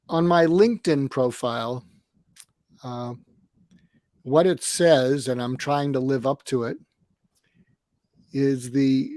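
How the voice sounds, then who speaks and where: A man in his seventies, a retired psychiatrist, calmly explaining conflict techniques on a podcast and acting out example dialogues. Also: medium pitch, no echo. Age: 70s. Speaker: guest psychiatrist and coach. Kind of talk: conversational advice on a podcast.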